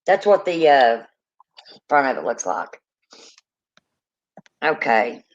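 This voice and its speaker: A woman hosting a paranormal livestream, chatting casually and teasing, quick to laugh. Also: very deep voice, big pitch swings, highs cut off. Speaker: paranormal show host.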